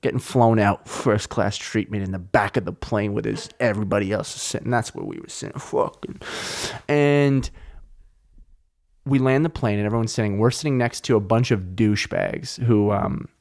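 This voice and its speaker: A man's voice: fairly low pitch, moderate pace. A young man hosting a podcast, telling stories in a casual, heated, profane way. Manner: animated, profane, heated retelling of anecdotes. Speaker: podcast host. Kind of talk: casual storytelling chat.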